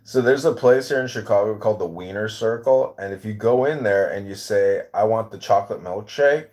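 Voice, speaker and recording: A man's voice: fairly low pitch, brisk, darkish tone. A man hosting a podcast, cracking teasing jokes in casual comedic banter. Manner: jokey, teasing, drops into mock Spanish. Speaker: podcast host.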